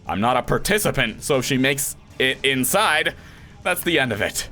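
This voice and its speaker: A man's voice: mid-range voice, animated, normal speed, bright, forceful tone, soft background music. A young man, a voice actor, reading a visual novel aloud and acting out the lines, with his own reactions mixed in. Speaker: voice actor doing a game playthrough.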